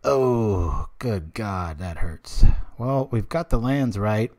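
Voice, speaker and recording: A man in his thirties with a fairly low voice talks through his plays in a live card game stream. He drifts into casual, rambling asides and keeps checking in with his chat as he goes. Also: animated, slow, a little mellow. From United States.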